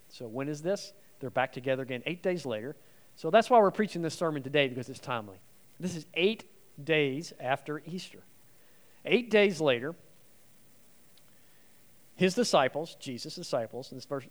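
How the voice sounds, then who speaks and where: Male guest preacher, lightly raised pitch, dynamic sermon delivery with loud and hushed moments. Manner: animated, swinging between loud emphasis and soft near-whispers.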